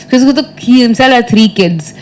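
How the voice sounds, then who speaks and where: A woman telling stories at a press conference, her fairly high voice tumbling through fillers and restarts. She answers in a chatty, animated way and often breaks into laughter. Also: normal speed, rough recording. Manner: lively anecdotal storytelling with frequent laughter. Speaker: actress at a press meet.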